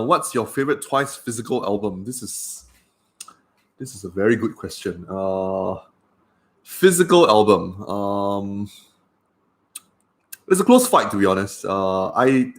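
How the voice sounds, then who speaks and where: A man's voice: fairly low pitch, fairly bright tone. A man, a doctor chatting casually on a livestream with lots of fillers. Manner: chatty and rambling, with many fillers.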